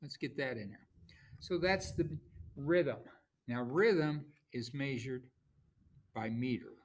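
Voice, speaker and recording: A man teaching a class, explaining terms slowly and reading out examples with marked stress. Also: medium pitch, animated. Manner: slow, explanatory, reads examples aloud with stress. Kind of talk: classroom lecture.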